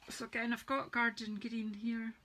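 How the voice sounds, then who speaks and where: A woman's voice: on the high side, little pitch movement, normal speed, pushed and bright, rough recording. A woman chatting casually as she demonstrates card-making on a live stream, greeting viewers by name as she works. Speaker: craft demonstrator. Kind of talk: live-streamed craft demo chat.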